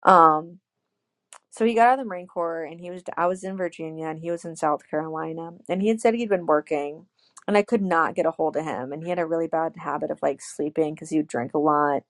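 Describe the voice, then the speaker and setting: Woman in her 20s ranting a story, lots of likes, kinda gravelly, super dry sound. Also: low-pitched, a little fast, no echo. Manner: animated storyteller, acts out quotes, many "like"s. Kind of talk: casual chat, telling a personal story.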